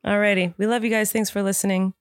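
A woman's voice: medium pitch, flat delivery, fast talker, no room sound, studio quality. A woman co-hosting a podcast in casual, bubbly chat. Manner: bubbly, effusive. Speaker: podcast co-host.

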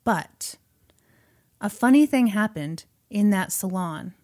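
A woman casually retelling a film's plot to a friend, acting out the characters' lines in quick asides. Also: medium pitch, lively intonation, darkish tone. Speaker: podcast host retelling a film plot. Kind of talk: casual storytelling chat.

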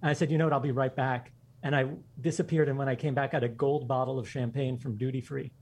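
A medium-pitched man with a steady, darkish, slightly rough voice appears as a podcast guest. Quick and eager, he shares personal stories in a relaxed interview and laughs a lot along the way.

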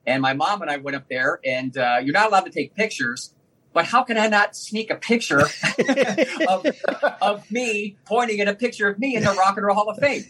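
A man from Northeast Ohio, a former radio DJ and performer, telling animated stories in a casual conversation and laughing often. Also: sits high, normal speed, husky, low-quality recording.

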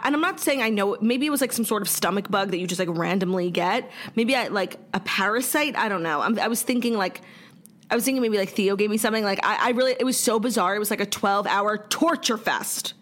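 A young woman co-hosting a podcast, talking in a loose, chatty way full of fillers and the odd swear word. Her voice sits at a middling pitch, and she is still getting over a stomach illness. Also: a little fast, a bit bright. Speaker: podcast co-host. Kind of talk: casual chat.

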